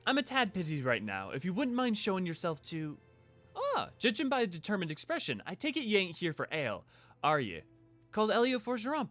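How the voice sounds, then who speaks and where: A man voicing a brisk, folksy female innkeeper with a put-on mild Irish lilt, reading game dialogue aloud. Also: medium pitch, a bit bright.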